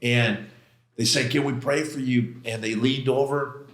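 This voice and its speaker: Speaking as a podcast guest, a middle-aged man tells a personal story with intense emotion, in a casual, slangy style, acting out quoted exchanges and restarting sentences. His mid-range voice is fairly bright, with fairly even intonation and a measured pace. It rings with a roomy echo.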